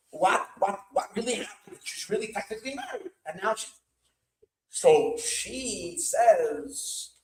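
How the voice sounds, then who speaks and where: A rabbi telling a story at an evening gathering, animated and repetitive, slipping in Yiddish words. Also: male voice, sits high, reverberant, poor audio.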